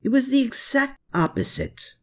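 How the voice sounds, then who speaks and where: A man's voice: extremely high pitch, wildly swooping pitch, moderate pace, a bit bright, voice pushed up, exaggerated voice. A man reading aloud, voicing a guilt-haunted, defiant man who cries out his lines. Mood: anguished shouting. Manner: crying out, pleading.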